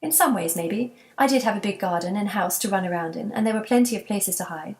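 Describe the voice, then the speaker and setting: A woman's voice: medium pitch, fast talker, lightly acted. Woman reading as a wistful old grandmother. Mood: reminiscing. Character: wistful elderly grandmother recalling childhood.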